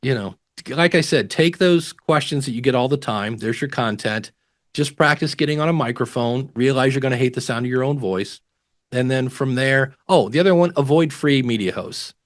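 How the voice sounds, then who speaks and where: Male guest expert, casual and animated, mimics others in quotes. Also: mid-range voice, normal speed. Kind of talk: casual interview advice.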